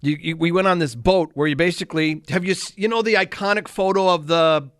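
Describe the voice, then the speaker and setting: A man in his sixties, a radio co-host, telling a self-mocking story in casual, animated chat. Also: on the high side, fairly quick, dry recording, clean studio sound.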